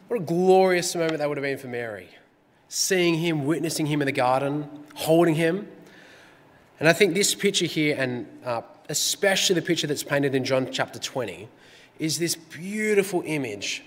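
A male pastor giving an earnest, measured sermon in a church. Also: fairly high pitch. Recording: church hall reverb.

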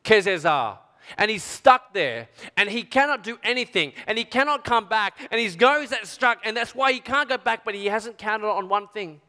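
A man preaching a sermon, telling a story with strong feeling, dropping to a hush and rising to near shouts. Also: high voice, lively intonation, moderate pace, in a large hall. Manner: emotional storytelling, dramatic swings from hushed to shouting.

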